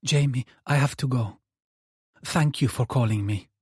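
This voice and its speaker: A man's voice: mid-range voice, unhurried, darkish tone, breathy edge, no room sound, studio quality. A man voicing a cool, detached middle-aged mother in an audiobook, speaking curtly and hesitantly.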